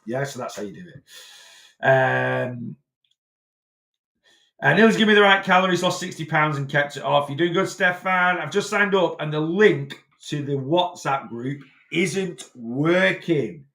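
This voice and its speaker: A man's voice: a little high, expressive, measured pace, gravelly, pushed and bright, roomy sound. A man from Blackpool with a Lancashire accent, answering viewer questions live as a weight loss coach in a chatty, rambling way full of fillers and restarts. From Blackpool, England.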